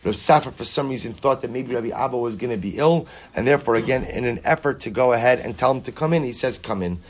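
Male Talmud teacher, mid-range voice, animated explainer who keeps asking "right?". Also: mid-range voice, fast. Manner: animated, rhetorical questions, repeats phrases. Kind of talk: Talmud class, reading Aramaic and translating.

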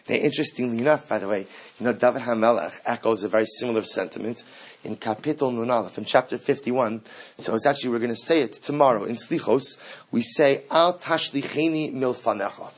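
A man delivering an impassioned sermon as a rabbi, building from quiet reflection to fervent, near-shouted pleading. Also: mid-range voice, fast talker, breathy edge.

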